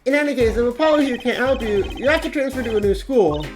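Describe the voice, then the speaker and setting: A woman voicing a weary, laid-back father who jokes in a low, dry, offhand way while reading game dialogue on a stream. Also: fast, a little mellow, lightly acted. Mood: teasing. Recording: music playing behind the voice.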